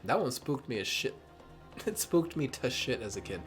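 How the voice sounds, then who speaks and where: A man streaming a game, rambling in casual self-mocking commentary, mildly tipsy and a little hoarse. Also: medium pitch, big pitch swings, moderate pace, over music.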